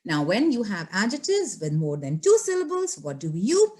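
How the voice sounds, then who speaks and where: A woman's voice: medium pitch, wildly swooping pitch, normal speed, darkish tone. A middle-aged woman teaching an English grammar lesson, patiently checking in with her students. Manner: patient, repeats "okay?" and "all right?" to check students.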